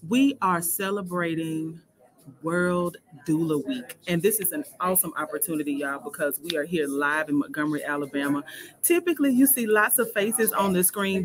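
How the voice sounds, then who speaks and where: A woman's voice: on the low side, normal speed, low-quality recording. A woman hosts a live event broadcast, hyping it up and talking straight to the viewers. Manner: lively, hyped, talks to viewers directly. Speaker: host. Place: library event with people around. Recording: crowd chatter behind.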